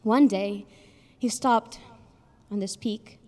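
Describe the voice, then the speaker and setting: A young woman giving an emotional graduation speech, telling a story earnestly with pauses, recorded in a large ceremony hall with long reverb. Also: mid-range voice, steady tone. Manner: earnest, pausing, with soft laughs. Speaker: graduation speaker.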